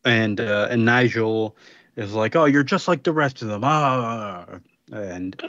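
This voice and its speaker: A man co-hosting a podcast, casually recapping a comic in a relaxed, rambling way with lots of fillers. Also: on the low side, normal speed, no room sound, lo-fi sound. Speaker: podcast co-host.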